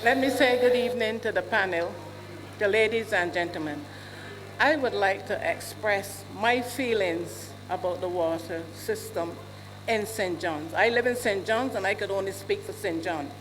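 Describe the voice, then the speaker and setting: A woman's voice: medium pitch, normal speed. A woman in her sixties with a Barbadian accent, speaking up indignantly as a resident at a town hall meeting, often asking questions aloud. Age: 60s. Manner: indignant, repeats questions, rising to shouts. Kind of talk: public complaint at a meeting. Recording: hall reverb, faint hum.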